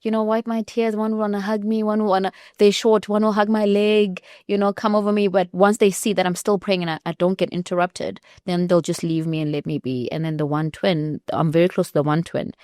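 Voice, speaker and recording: A South African woman hosting a podcast, talking in a lively and expressive way in casual conversation. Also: mid-range voice, brisk, few pauses, no echo, studio quality. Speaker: podcast host.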